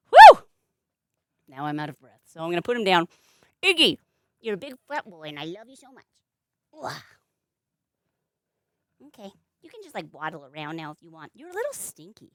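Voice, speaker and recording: Animated woman streamer, playful sing-song. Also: lowish voice. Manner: playful, sing-song baby talk to her cat. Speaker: streamer and balloon artist. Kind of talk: casual live-stream chat.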